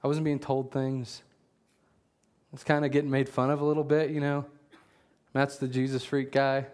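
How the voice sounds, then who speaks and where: A pastor, a man with a medium-pitched voice, gives a casual sermon. He tells jokey stories punctuated by loud, animated bursts and reads scripture aloud slowly.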